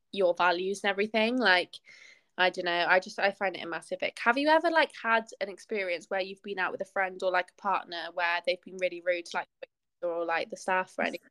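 A woman's voice: lowish voice, fairly quick, fairly bright tone, no room sound. A young woman co-hosting a podcast, telling a story in casual chat full of "like" fillers. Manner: chatty storytelling, many "like" fillers. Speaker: podcast co-host.

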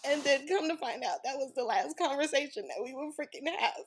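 A woman's voice: high voice, fairly quick, slight background noise. A woman guest on a podcast, telling a personal story in a blunt, frank way and swearing freely.

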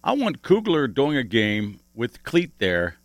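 Lively male radio host, dry studio sound. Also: medium pitch, unhurried, no echo. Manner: lively, teasing, joking. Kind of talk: morning radio banter.

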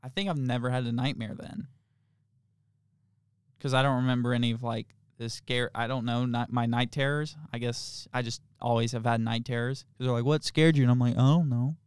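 A man's voice: medium pitch, fairly even intonation, fairly quick, smooth, no room sound. A man co-hosting a podcast in casual chat, rambling through stories with lots of fillers and frequent laughter. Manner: rambling, laughs often, filler-heavy storytelling. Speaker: podcast co-host.

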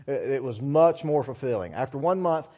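A middle-aged man giving a sermon in a church, dropping to quiet asides and rising to loud, emphatic readings of scripture. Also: medium pitch, expressive, normal speed, muffled recording. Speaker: preacher.

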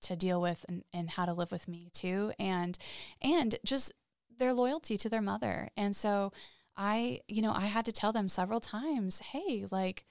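A woman guest telling personal stories in an interview, halting and heartfelt, with frequent restarts. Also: medium pitch, clear, resonant tone, no echo, studio quality. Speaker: podcast guest. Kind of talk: candid interview storytelling.

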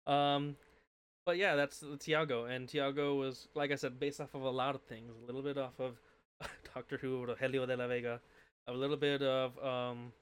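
A man's voice: mid-range voice, flat delivery, normal speed, clear, resonant tone. A man co-hosting a casual chat as a game master, rambling and hesitant, with many fillers. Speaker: podcast co-host and game master.

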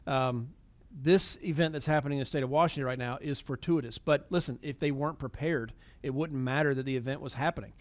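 A man's voice: medium pitch, quick pace. A man leading a team call, encouraging and motivational, with many fillers and repeated words.

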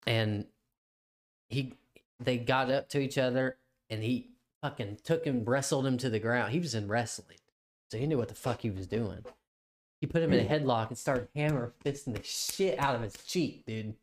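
A man's voice: medium pitch, normal speed. A young man co-hosting a podcast, telling a story in a rambling, profane way and laughing often. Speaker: podcast co-host. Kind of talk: casual chat.

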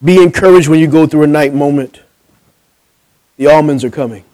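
A man from New Jersey preaching a sermon as pastor, swinging between loud punchy bursts and hushed, intimate pleading, calling out for amens and acting out conversations. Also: fairly high pitch, a little fast, rough recording. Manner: calls for amens, acts out dialogue.

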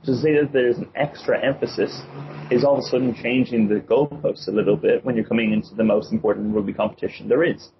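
A man in a casual sports chat, speaking in a measured, agreeable way with hesitant fillers. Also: mid-range voice, fairly even intonation. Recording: dull lo-fi recording with faint noise.

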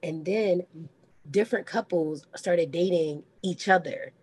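A woman co-hosting a podcast, retelling a reality show in casual chat, blunt and animated with cursing. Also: fairly low pitch, unhurried, husky, no echo. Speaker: podcast co-host.

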